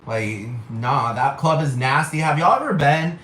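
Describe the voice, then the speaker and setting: A man's voice: a little high, expressive, unhurried, a bit bright. A man ranting on a vlog, exasperated and profane, piling up rhetorical questions. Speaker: vlogger. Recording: roomy echo with faint noise.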